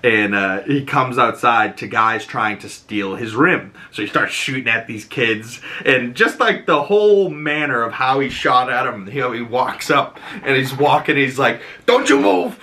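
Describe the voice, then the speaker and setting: A man hosting a podcast who talks through a TV episode in a loose, excitable way, swearing freely as he goes. His voice is bright and forceful. He speaks at an ordinary middle pitch. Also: a little slow, few pauses. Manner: rambling, profane, excitable. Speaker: podcast host. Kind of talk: casual episode recap and reaction.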